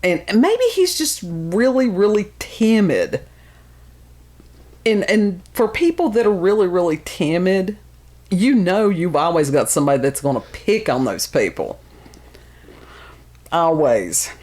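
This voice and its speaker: A woman's voice: fairly low pitch, sing-song, unhurried, long pauses, darkish tone. A woman hosting a casual podcast chat, blunt and exasperated, often sighing and laughing. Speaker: podcast host.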